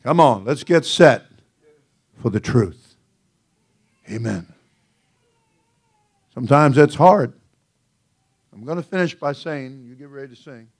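A man's voice: mid-range voice, a little mellow. A male senior pastor preaching a sermon in a folksy, joking way, often laughing and calling out "oh, brother.".

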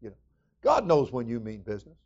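A man's voice: medium pitch, wildly swooping pitch, fast, gravelly, lo-fi sound. A man preaching a sermon as pastor, folksy and conversational with emphatic rising bursts.

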